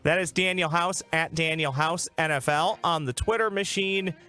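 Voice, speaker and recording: A man's voice: a little high, moderate pace, pushed and bright, smooth, soft background music. A man hosting a sports podcast, joking with his guest and signing off in an upbeat way. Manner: jokey, upbeat sign-offs. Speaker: podcast host.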